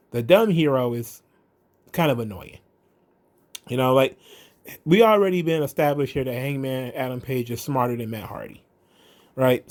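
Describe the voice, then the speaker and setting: A man's voice: medium pitch, a little mellow. A man hosting his own commentary show, talking casually with blunt, sarcastic and profane remarks. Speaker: host of a wrestling commentary show.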